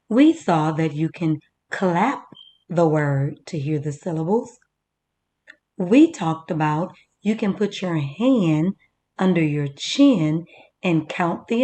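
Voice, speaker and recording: A woman teacher leading a first-grade reading lesson, slowly sounding out words for young children. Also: deep voice, darkish tone.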